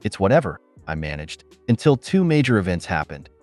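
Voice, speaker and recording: A man's voice: sits low, sing-song, brisk, a little mellow, dry recording. A man reading reddit stories aloud as the narrator, voicing every character in his own plain voice. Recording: dry close voice with faint background music.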